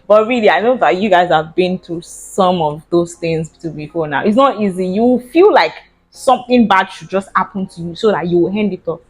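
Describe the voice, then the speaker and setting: A young woman with a Nigerian English accent, telling a personal story in a casual vlog, animated and laughing often, with Pidgin slang. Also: on the low side, normal speed, breathy edge, soft background music. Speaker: vlogger.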